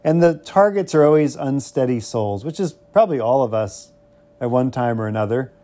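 Man, podcast bible teacher, musing, lots of ums, wry asides, mellow dark tone. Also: medium pitch, expressive, moderate pace.

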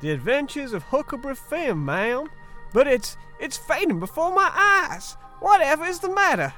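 A man's voice: very high-pitched, very animated, moderate pace, sharp tone, soft background music, pitched above the performer's own voice, heavily acted. A man playing an eager, folksy, old-fashioned angel-like helper in a put-on accent in a comedy sketch.

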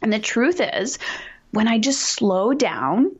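Energetic, blunt woman coach. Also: a little high, slow, husky, muffled recording. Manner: energetic, blunt, swears freely. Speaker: guest, parenting coach. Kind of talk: candid interview chat.

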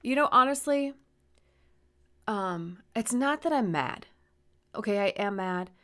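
A woman hosting her own podcast, rambling and swearing, moving from flat musing into heated ranting. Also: medium pitch, a little slow. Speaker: podcast host. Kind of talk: solo podcast rant.

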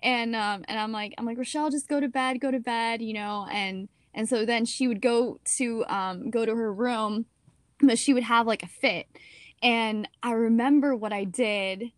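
A woman's voice: a little high, a little slow, dry recording. Chatty young woman actor with a dry sound. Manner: chatty, animated, heavy use of "like" and "you know". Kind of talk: casual interview storytelling.

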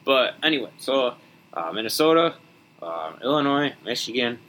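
A man's voice: mid-range voice, sing-song, moderate pace, background noise. A young man from Wisconsin hosting a solo podcast, rambling and joking with mock indignation. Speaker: podcast host.

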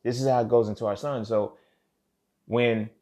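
A man's voice: medium pitch, steady tone, normal speed, warm tone. A young man hosting a podcast, talking in a loose, casual monologue full of restarts and asides. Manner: conversational, repeats "you feel me", frequent restarts. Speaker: podcast host.

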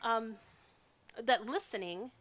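A woman's voice: fairly high pitch, takes it slowly. A woman giving a sermon in a casual, conversational way. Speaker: speaker.

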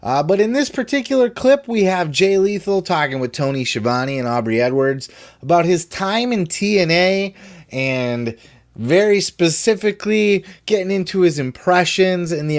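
A man hosting a wrestling podcast, talking in a blunt, profane, animated way. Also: a little high. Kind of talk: casual opinionated commentary.

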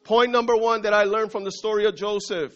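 High-voiced emphatic male pastor. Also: steady tone, brisk. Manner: emphatic, repetitive preaching with call-and-response. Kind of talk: sermon. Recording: dull lo-fi recording.

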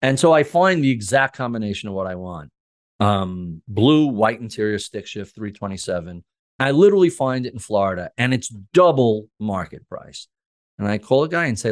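A man's voice: lowish voice, moderate pace. A middle-aged man telling stories in a casual podcast chat, acting out the conversations. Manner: animated, acts out conversations. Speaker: podcast guest. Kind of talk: casual storytelling.

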